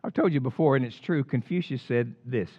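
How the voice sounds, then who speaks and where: An older man preaching a sermon in an animated storytelling way, with casual slang. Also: mid-range voice, brisk, dry recording. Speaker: pastor. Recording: dull lo-fi dry recording.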